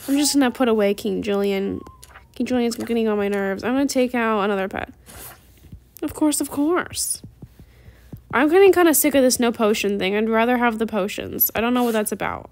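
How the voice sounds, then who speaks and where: A teenage girl chatting casually while playing a game, tired and rambling with lots of "like". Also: fairly high pitch. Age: teens. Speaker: gaming YouTuber. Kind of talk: casual gameplay chat.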